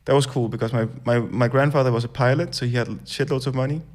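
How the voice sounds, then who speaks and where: A young man, a guest on a casual podcast, who tells his stories in a relaxed way and swears offhandedly. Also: mid-range voice, quick pace.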